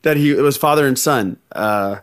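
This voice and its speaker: A man's voice: medium pitch, moderate pace. A man co-hosting a podcast, joking and swearing freely, laughing often in casual banter. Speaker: podcast co-host.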